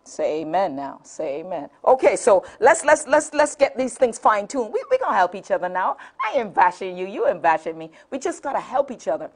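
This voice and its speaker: A woman's voice: mid-range voice, big pitch swings, fairly quick, hardly any pauses, darkish tone. A woman with a Caribbean accent hosting a talk show, talking straight to viewers in a sassy, preachy, slangy way. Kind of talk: lively talk show monologue. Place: TV studio.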